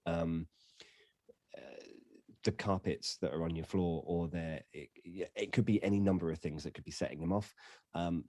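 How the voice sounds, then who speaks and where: A man's voice: sits low, darkish tone, no echo, studio quality. A middle-aged man, a dog trainer guest on a podcast, explaining dog behavior with jokes and many fillers. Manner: jokey, explains with asides and fillers. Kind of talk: casual explanatory chat.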